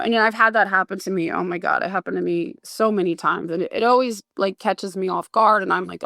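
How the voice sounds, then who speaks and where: A woman's voice: lowish voice, fairly even intonation, fairly quick, gravelly, a bit bright, no room sound, clean studio sound. A woman guest on a podcast, a bereaved mother turned advocate, telling rambling anecdotes full of fillers and acted-out quotes. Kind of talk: casual podcast storytelling.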